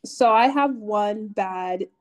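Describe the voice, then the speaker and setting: A young woman co-hosting a podcast, telling a story in casual chat, animated and laughing often. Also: medium pitch, slow. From family from Nigeria. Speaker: podcast co-host.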